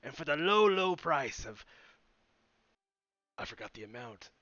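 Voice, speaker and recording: Bright-voiced man hamming up a sales pitch. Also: big pitch swings, measured pace, dry recording, lo-fi sound. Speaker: player. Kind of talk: casual tabletop role-play.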